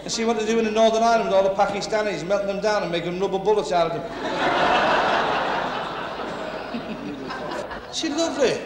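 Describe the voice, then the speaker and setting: A man's voice: sits high, expressive, moderate pace, pauses often. A man with a Liverpool accent doing a brash, bantering stand-up routine in a working men's club. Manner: brash, bantering, chatty with the crowd. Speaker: stand-up comedian. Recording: echoey club hall, background noise.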